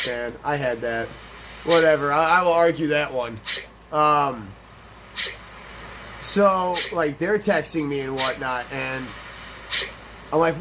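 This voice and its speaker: A man's voice: a little high, normal speed, a bit bright, slight background noise. Profane, rambling young man telling a story. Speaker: let's play host. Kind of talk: casual storytelling over gameplay.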